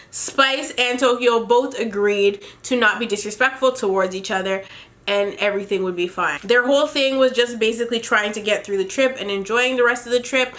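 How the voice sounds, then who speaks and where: A woman's voice: a little high, fairly bright tone. A young woman from Jamaica casually recapping a reality show, chatty and opinionated, laughing as she retells scenes.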